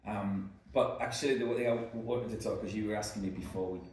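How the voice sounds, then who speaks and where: A man's voice: on the low side, fairly even intonation, brisk, darkish tone, slight background noise. A man co-hosting a podcast, telling rambling travel anecdotes with lots of likes and ums. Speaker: podcast co-host. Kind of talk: casual anecdotal chat. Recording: echoey room, mic at a distance.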